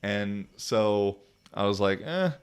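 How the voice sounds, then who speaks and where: A young man with a lowish voice tells a long story on his podcast in a casual way. He rambles, swears freely and leans on "like" and "you know" as he goes. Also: fairly even intonation, unhurried. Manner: profane, rambling, full of fillers. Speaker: podcast host and football player.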